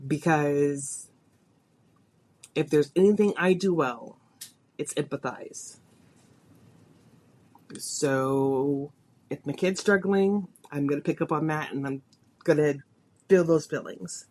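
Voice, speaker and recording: A woman's voice: sits low, slow, long pauses, a little mellow. A woman hosting a podcast, telling a personal story in a confessional, emotional way, her voice rising and falling with feeling. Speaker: podcast host.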